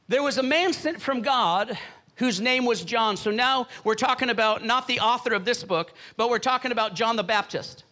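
A middle-aged male pastor delivering a fervent sermon in a very high, bright voice. He preaches rhythmically, repeats his phrases and keeps calling the congregation to answer.

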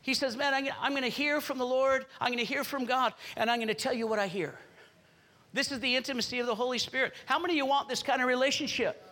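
Male pastor preaching with fervour; bright, forceful voice. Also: very high voice, fairly even intonation, quick pace. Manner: fervent preaching, repeats phrases, urges the congregation. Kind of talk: sermon.

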